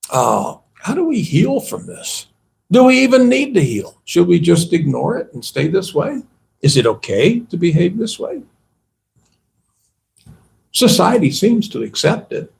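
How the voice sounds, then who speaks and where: Monk giving a chatty sermon to the congregation, lively up-and-down delivery, unhurried. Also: male voice, fairly high pitch, creaky. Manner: conversational, asks the audience rhetorical questions. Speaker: monk giving a temple talk. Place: temple hall.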